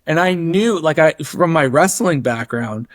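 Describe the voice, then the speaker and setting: A man's voice: a little high, a little slow, no room sound, studio quality. A man as a podcast guest, telling a story in a casual way, acting out the voices of others and using many fillers. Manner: animated, acts out quoted voices, many fillers.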